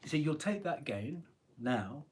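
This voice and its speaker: A man with a husky voice giving a live tarot reading, chatty and rambling, often clearing his throat. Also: on the high side, big pitch swings, takes it slowly, darkish tone. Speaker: tarot reader.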